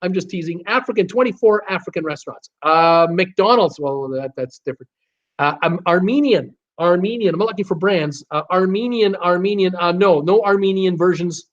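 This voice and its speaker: A man with a slightly high voice runs a casual live stream and reads out viewer requests. He talks in a loose, chatty way, repeats words and fills pauses while he searches. The sound is dull and lo-fi, like a basic stream mic. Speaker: livestream host.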